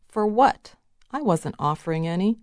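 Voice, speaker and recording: A woman reading the lines of a gruff, blunt older father who barks out sardonic remarks. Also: lowish voice, animated, moderate pace, darkish tone, no echo, clean studio sound, lightly acted. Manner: barking, sardonic.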